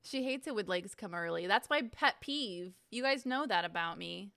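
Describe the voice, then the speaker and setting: A woman's voice: medium pitch, lively intonation, moderate pace, vocal fry, fairly bright tone, dry recording. A young woman streamer in casual chat, reading viewer messages aloud and reacting in a chatty, giggly way.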